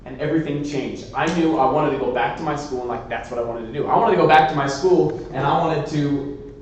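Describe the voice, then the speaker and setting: A man from Washington state giving a motivational keynote to a youth assembly. He tells stories in an animated, lively way and laughs often. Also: a little high, a little fast, slight background noise. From Washington state, USA. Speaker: keynote speaker. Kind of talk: motivational storytelling speech. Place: large indoor assembly hall. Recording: very echoey hall, speaker far from mic.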